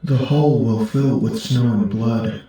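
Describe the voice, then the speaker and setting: Man voicing a mimicking entity, slow, insistent, repeating, heavy echo. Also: medium pitch, mellow, faint music behind. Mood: ominous. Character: mimicking entity copying a man's voice, menacing.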